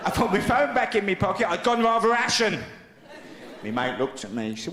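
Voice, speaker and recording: A middle-aged stand-up comedian with a high-pitched, very animated voice tells a story conversationally at a brisk pace, acting out the other voices. The routine is in a large comedy venue, and the recording is echoey with a loud crowd.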